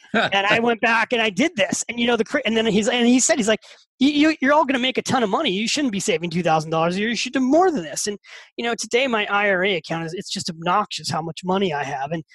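Fifties guy guesting on a podcast, high voice, tumbles over his words when hes excited. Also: fast talker, no echo, low-quality recording. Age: 50s. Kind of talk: casual storytelling.

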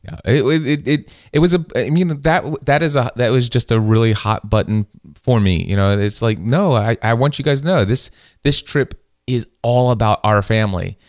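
A man in his forties on a podcast, telling a family story in a lively way and quoting himself. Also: medium pitch, normal speed, dry recording, studio quality. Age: 40s. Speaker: podcast host. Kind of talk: casual chat.

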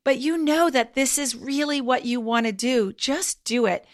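A woman's voice: high-pitched, moderate pace. A mother who homeschools, giving casual, upbeat and encouraging advice to other parents as a podcast host. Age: adult parent.

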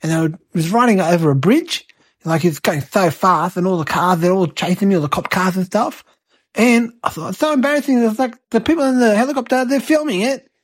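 A woman's voice: mid-range voice, fairly quick, husky, no room sound, close to an everyday voice. A woman voicing a cheeky eight-year-old boy who hosts and tells rambling, exaggerated tall tales. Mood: excitable. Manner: rambling, breathless, childlike exaggeration. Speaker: host. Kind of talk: comic storytelling monologue.

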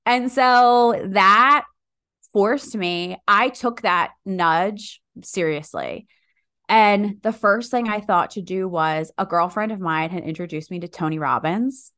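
A woman guest on a podcast, telling her story in a casual, animated way, swearing freely and acting out her own inner voice. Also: medium pitch, unhurried.

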